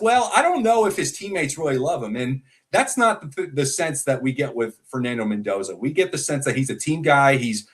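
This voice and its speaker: A man co-hosting a casual football talk show, talkative and animated with frequent fillers. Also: fairly high pitch. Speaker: sports podcast co-host.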